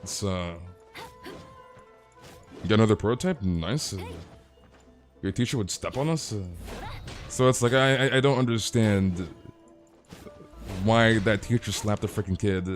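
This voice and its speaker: A man's voice: fairly low pitch, measured pace, long pauses, soft background music. A man chatting casually on a live game stream, ranting animatedly and peppering his talk with "freaking" and "dude".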